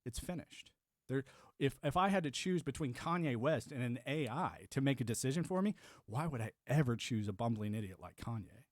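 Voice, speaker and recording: A man's voice: mid-range voice, expressive, fairly quick, no echo, studio quality. A man in his thirties hosting a livestream, chatting casually and rambling with restarts while answering chat. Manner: rambling, restarts, laughs to himself. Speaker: livestream host.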